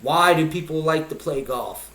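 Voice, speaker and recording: A man's voice: fairly high pitch, normal speed, creaky, a bit bright. A man vlogging a pondering monologue of rhetorical questions. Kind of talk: musing monologue. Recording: echoey room.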